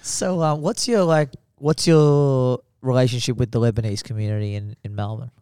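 A man's voice: mid-range voice, steady tone, moderate pace, warm tone, clear, resonant tone, dry recording, clean studio sound. A man hosting a casual podcast chat, asking curious questions and laughing easily.

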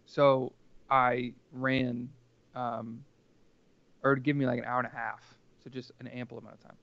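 Smooth-voiced man telling a story. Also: medium pitch, level tone, moderate pace, no room sound, lo-fi sound. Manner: rambling, heavy on filler words, earnest. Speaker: podcast guest. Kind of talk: casual storytelling.

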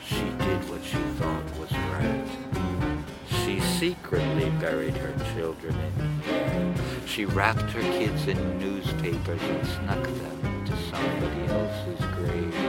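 Guy running a ghost tour, cracking corny jokes, loud music going under him. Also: fairly low pitch, rough recording. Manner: punchline-driven, folksy, laughs at own jokes. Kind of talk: joking storytelling tour talk.

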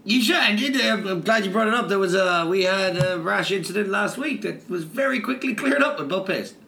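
This podcast co-host has a high, sharp voice and talks fairly quickly and with animation. In a casual episode, he laughs, swears, teases his partner, and reads out a listener review.

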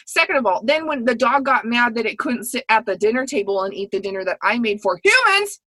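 A woman podcast co-host telling a story in casual chat, with a profane, animated ranting delivery. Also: on the high side, brisk, few pauses, dry recording.

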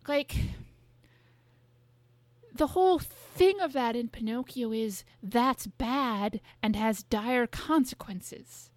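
A young woman co-hosts a podcast with a slightly high, chatty voice. She rambles casually, leans on fillers and swears now and then. The sound is dry and close. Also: no room sound. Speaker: podcast co-host. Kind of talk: casual chat.

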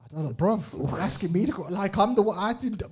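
A man talks football with his co-host at a rapid clip. His voice sits a little high, and he jokes and teases in slangy, animated banter. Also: breathy edge. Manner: fast, animated, jokey, slangy.

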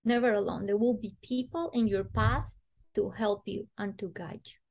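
A woman voicing gentle, whispering spirit beings. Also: mid-range voice, fairly even intonation, moderate pace, slight background noise, close to an everyday voice. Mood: tender reassuring. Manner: soft, near-whispering, kind.

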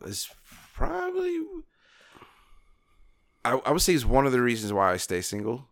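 A man in a casual podcast chat, speaking earnestly and haltingly, often restarting his sentences. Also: medium pitch, wildly swooping pitch, fairly bright tone, no echo.

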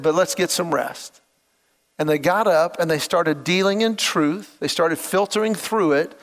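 A middle-aged man preaching a sermon, his voice pitched high for a man. He tells personal stories and acts out the quoted lines with animated energy. The sound carries a long church-hall reverb. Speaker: pastor.

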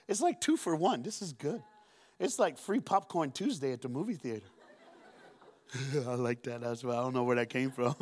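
A man preaching a sermon in a church, storytelling with humor and acting out voices from the Bible. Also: a little high. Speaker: guest preacher. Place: church auditorium.

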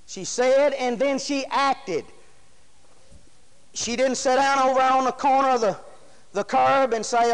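High-pitched folksy preacher. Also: male voice, fairly even intonation, unhurried, long pauses, smooth. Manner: folksy, emphatic, rhetorical questions to the congregation. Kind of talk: sermon. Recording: long hall reverb.

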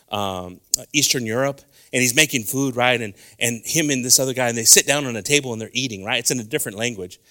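A middle-aged man preaching a sermon in church, animated and switching between English and Spanish, acting out dialogue as he goes. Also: medium pitch. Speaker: pastor. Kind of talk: bilingual sermon. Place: church sanctuary.

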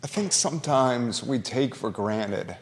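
A man hosts a local talk show in an earnest, conversational way, at times visibly moved. His voice sits at an ordinary mid pitch. A long reverb trails behind his words. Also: lively intonation, a little slow, a little hiss or hum. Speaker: radio show host. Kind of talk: talk radio monologue.

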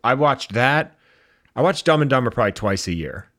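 A man's voice: mid-range voice, expressive, a little fast, a bit bright, dry recording. A man co-hosting a casual movie podcast from a home studio, sarcastic and self-deprecating, swearing freely. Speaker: podcast co-host. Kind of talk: casual chat about movies.

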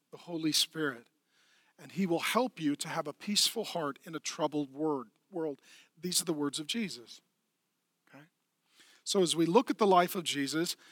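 A middle-aged man preaching a lively, playful sermon in a church, swinging from hushed tones to shouting. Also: a little high, no echo, studio quality. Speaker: pastor. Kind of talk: energetic comedic sermon.

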